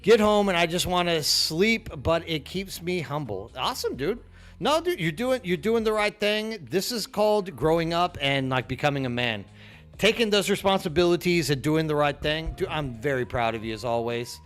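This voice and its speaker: A man's voice: a little high, expressive, moderate pace, a bit bright, faint music behind. A middle-aged man from Texas, chatting casually with viewers on a game stream, friendly and full of "dude", often repeating words as he goes. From Texas, USA.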